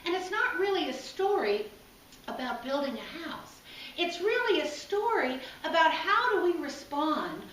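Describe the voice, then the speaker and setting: A woman's voice: extremely high pitch, very animated, unhurried, a bit bright, a little hiss or hum. A woman preacher telling a folk tale during a sermon in an easy, folksy storyteller manner. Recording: echoey hall, from far off.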